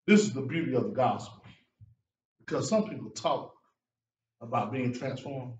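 A man preaching a sermon as a guest preacher, with lively delivery that rises to shouts and drops low for emphasis. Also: normal speed. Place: church sanctuary. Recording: echoey church room from far off.

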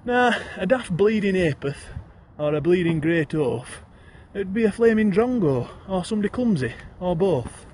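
A man's voice: high voice, lively intonation, moderate pace, hardly any pauses, a little mellow, slight background noise. A man with a broad Yorkshire accent reciting comic rhyming verse, addressing the listener as thee. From Yorkshire, England.

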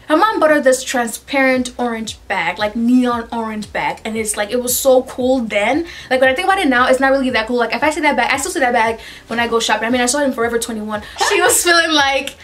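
A young woman from Nigeria telling a personal story in a casual vlog, chatty and animated, jumping between asides. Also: high voice, quick pace.

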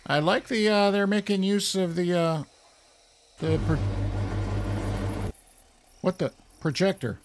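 Male let's-player, casual self-deprecating commentary; slightly high, animated voice. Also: slow pace, long pauses, a little hiss or hum. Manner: chatty, self-deprecating, talks to himself. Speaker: gameplay commentator.

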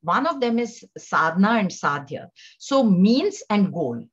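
A woman's voice: mid-range voice, big pitch swings, measured pace, breathy edge. A woman giving a scripture class, telling stories and acting out the voices in them. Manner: storytelling, acts out quoted voices. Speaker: spiritual teacher. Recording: dull lo-fi recording.

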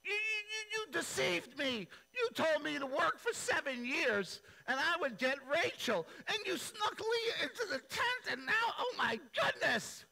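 A man playing a hotheaded young groom who was tricked, sputtering and shouting in high-pitched outrage. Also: big pitch swings, unhurried, vocal fry, hardly any pauses, exaggerated voice, poor audio. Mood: outraged.

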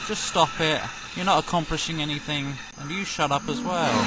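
A man's voice: a little high, fairly even intonation, normal speed, few pauses, background noise. A British man giving casual let's-play commentary, joking, rambling and letting out sudden startled yelps. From Britain. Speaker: game commentator. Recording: loud game audio over the voice.

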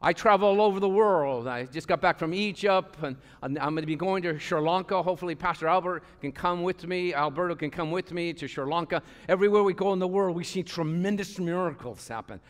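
A man preaching a passionate sermon as pastor of a church, swinging between loud calls and quiet asides. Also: sits high, a little fast, hardly any pauses. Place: church sanctuary. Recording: long hall reverb.

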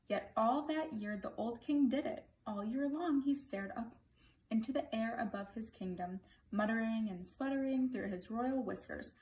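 A woman greeting schoolchildren and reading a picture book aloud in a friendly, expressive way. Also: fairly high pitch, distant mic. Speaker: storybook reader for schoolchildren. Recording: echoey room.

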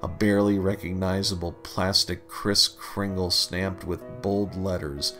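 Slow, low-voiced male storyteller. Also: steady tone, sharp tone. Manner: dry, deliberate, wry delivery. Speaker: storyteller reading aloud. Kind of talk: scripted narration of a humorous memoir story. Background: faint guitar music.

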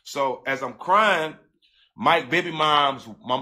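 A man recounts a personal story in a bright, tense voice set a little higher than most. He talks straight to his listeners in casual, profane slang and often circles back to repeat himself as the feeling builds. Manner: animated, profane street slang, addresses listeners directly; emotional, breaks into halting repeats.

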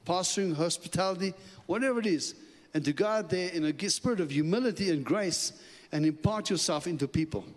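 Animated male preacher in a reverberant church. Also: on the high side. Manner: animated, acts out his own inner dialogue with chuckles. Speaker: guest preacher. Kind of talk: sermon storytelling. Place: church sanctuary. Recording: long church hall reverb.

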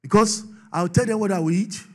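A Nigerian man preaching a sermon, swinging from shouted declarations to low asides and laughing often. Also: brisk. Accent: Nigerian English. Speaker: pastor.

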